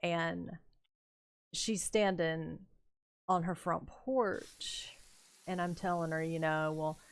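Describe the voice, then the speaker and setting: An older woman streaming a building game, telling rambling, unhurried stories about her youth with plenty of fillers and chuckles. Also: lowish voice, steady tone. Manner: rambling, unhurried anecdotes with frequent fillers and laughs. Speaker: gaming streamer. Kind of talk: casual storytelling while building in a game.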